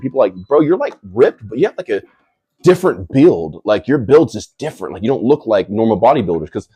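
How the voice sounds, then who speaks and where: Brash, husky-voiced man hosting a livestream. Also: mid-range voice. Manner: brash, hyped, slangy with "bro"; bursts into shouting. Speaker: livestream host. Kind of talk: casual livestream Q&A.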